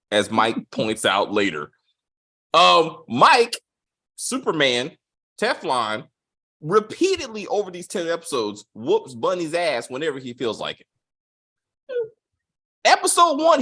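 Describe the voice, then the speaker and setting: Lively, profane male TV reviewer. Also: sits high. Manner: animated, swearing, mocking retellings with acted quotes. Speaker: TV show reviewer. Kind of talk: casual profane review chat.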